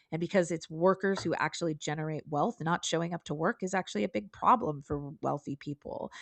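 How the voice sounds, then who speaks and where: A woman's voice: deep voice, creaky, no room sound. A woman co-hosting a podcast, talking earnestly and emphatically in casual political discussion. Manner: earnest, emphatic, pleading at times. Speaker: podcast co-host.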